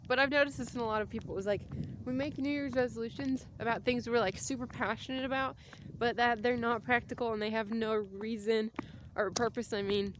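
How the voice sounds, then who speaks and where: A woman's voice: fairly high pitch, a little hiss or hum. Chatty young woman rambling on a walk. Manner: rambling, chatty, jokey asides. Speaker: vlogger. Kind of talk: casual walking vlog. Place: outdoors on a cold winter walk.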